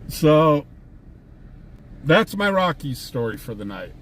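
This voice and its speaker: A scanner chaser hosting a live stream takes things slowly, his fairly high voice carrying a sing-song quality. He sits in a vehicle, casually recounting stories and laughing at them. In the background there is faint vehicle and ambient noise.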